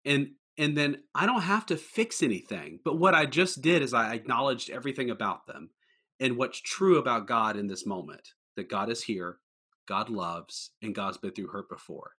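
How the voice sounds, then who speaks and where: Male pastor, podcast co-host, earnest and rambling, bright tone. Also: mid-range voice, animated, normal speed, slightly rough. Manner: earnest, rambling with many restarts. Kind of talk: casual podcast conversation.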